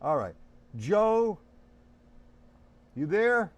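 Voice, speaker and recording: A man's voice: high voice, big pitch swings, very slow, lo-fi sound. A man teaching a casual drum lesson on a live stream, talking bluntly and calling viewers by name.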